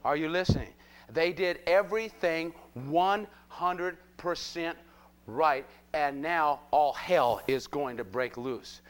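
A preacher delivers a live sermon in a lively, joking way. He keeps pressing his listeners with quick rhetorical questions. His man's voice sits on the higher side. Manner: animated, jokey, prods the crowd with rhetorical questions.

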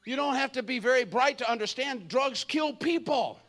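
A man in his fifties preaching an energetic, comedic sermon, joking and acting out voices. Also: very high voice, normal speed. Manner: animated, jokey, acts out voices, shouts at times.

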